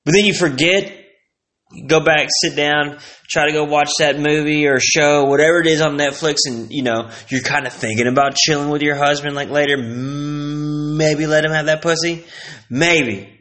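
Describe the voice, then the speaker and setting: A man's voice: fairly high pitch, fairly even intonation, moderate pace, a bit bright. A young man from Texas, ranting casually and swearing constantly, his voice jumping up when he gets worked up. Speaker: vlogger. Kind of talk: casual profane rant.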